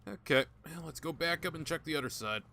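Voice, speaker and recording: A man's voice: on the high side, a little fast, bright, forceful tone. A man giving casual gameplay commentary, joking, swearing often and talking to game characters. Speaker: gaming YouTuber.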